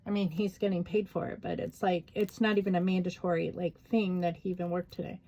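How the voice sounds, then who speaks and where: A woman's voice: fairly low pitch, little pitch movement, a little fast, mellow, rough recording. A middle-aged woman vlogger telling a story in a rambling, casual way, full of fillers and asides. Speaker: crafting vlogger. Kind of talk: casual chat while journaling.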